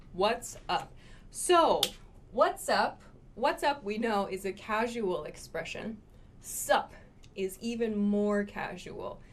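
A woman's voice: medium pitch, slight background noise. A woman teaching English in a cheerful live-streamed lesson, laughing often and talking to her viewers.

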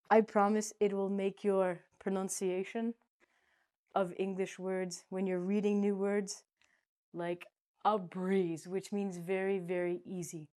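Playful, slow-talking woman teaching English. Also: mid-range voice. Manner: playful, chatty, jumps between loud and soft. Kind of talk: casual spoken lesson.

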